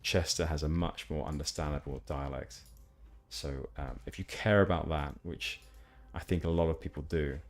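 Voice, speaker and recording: Young man from hampshire, very low voice, chatty game streamer, rambling, lots of fillers. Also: steady tone, normal speed. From Hampshire, England. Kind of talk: casual gameplay chat with viewers.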